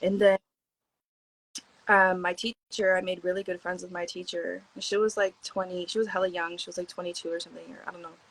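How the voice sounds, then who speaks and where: Young woman, from Hawaii, podcast guest, casual storytelling, slangy, filler-heavy, slightly low voice. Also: little pitch movement, brisk, fairly bright tone, slight background noise, rough recording. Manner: laid-back, slangy, many "like" fillers, acts out quotes.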